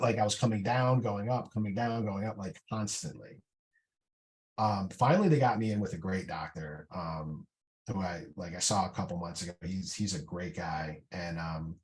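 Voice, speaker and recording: A middle-aged veteran appears as a podcast guest in an indoor podcast room, telling his story candidly and casually with lots of fillers and restarts. His voice is fairly low and a little mellow.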